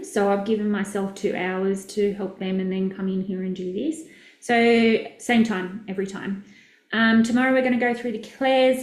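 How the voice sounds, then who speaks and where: Upbeat aussie lady coaching live, direct and chatty, bit of room echo. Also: medium pitch. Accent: Australian. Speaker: business coach. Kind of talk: casual live-stream teaching.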